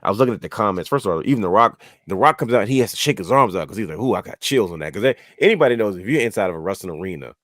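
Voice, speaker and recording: A man with a notably deep, low voice hosts a casual wrestling chat, retelling moments with excited energy and frequent restarts. The sound is dry and close, with no room around it. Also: racing, hardly any pauses, no room sound. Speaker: wrestling podcast host.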